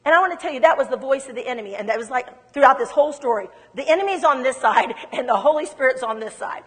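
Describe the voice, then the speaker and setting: A woman telling her testimony in a sermon, in an animated, emphatic storytelling manner. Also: high-pitched, fast, husky, long reverb tail. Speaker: speaker giving testimony.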